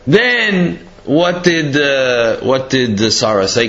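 A man teaching a religious text lesson in an animated way, acting out quotes and often restarting sentences. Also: a little high, slow, few pauses. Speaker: Torah teacher. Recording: dull lo-fi recording.

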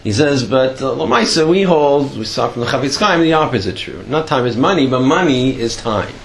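A man's voice: medium pitch, animated, a little fast, gravelly. Man teaching a Torah class, storytelling. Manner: storytelling with many fillers and restarts; voice rises sharply when stressing a point.

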